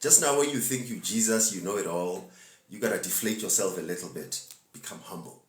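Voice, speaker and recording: A man's voice: fairly low pitch, fairly quick, roomy sound. Laid-back man preaching casually. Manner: laid-back, preachy, laughs often, slangy asides. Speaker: spiritual teacher hosting a live stream. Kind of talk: casual live-stream talk to viewers.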